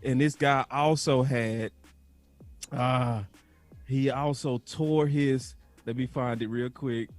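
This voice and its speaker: A man's voice: medium pitch, fairly even intonation, slow, soft background music. A man hosting a sports podcast, playfully acting out a mock office scene as he quizzes a coach. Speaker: podcast host. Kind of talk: casual sports talk, playing out a scenario.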